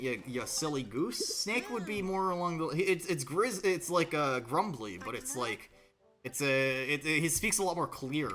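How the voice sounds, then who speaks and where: Rambling male streamer, lively pitch. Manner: rambling, self-interrupting, swears casually. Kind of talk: casual gameplay commentary.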